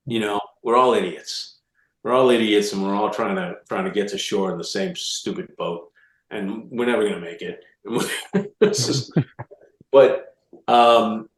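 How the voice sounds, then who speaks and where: A man speaking as an author guest in a casual interview, animated, with quick restarts and repeated words. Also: lowish voice. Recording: roomy echo.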